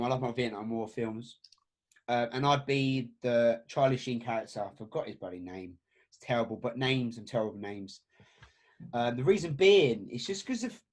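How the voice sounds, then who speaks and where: A man from England co-hosting a casual podcast, animated and jokey. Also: mid-range voice. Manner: animated, jokey, quick to laugh. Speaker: podcast co-host. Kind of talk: casual chat.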